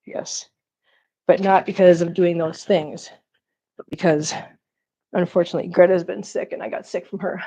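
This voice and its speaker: Cleaning up after her cats during a live vlog, a woman from a cat channel chats without a script, breathless and overheated, baby-talking to the animals. She has a warm, fairly low voice with fairly even intonation, speaking at normal speed and pausing often.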